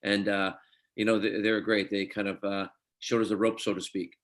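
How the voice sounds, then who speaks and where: A man's voice: lowish voice, moderate pace. A middle-aged man from Scotland, an actor telling stories in a casual interview and acting out quoted dialogue. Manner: animated storyteller, quotes others in dialogue. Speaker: actor guest.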